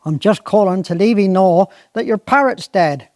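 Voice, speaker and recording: A performer doing a dithering Cornish gamekeeper. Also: male voice, high-pitched, a little mellow, dry recording, clean studio sound, natural voice. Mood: hesitant. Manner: hesitant, roundabout, drawn-out dialect speech. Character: slow-witted, apologetic old Cornish gamekeeper.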